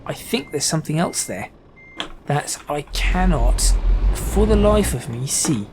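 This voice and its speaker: A man's voice: a little high, sing-song, unhurried, background noise. A man giving casual gameplay commentary, thinking aloud with hesitant restarts as he drives. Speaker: gaming channel host.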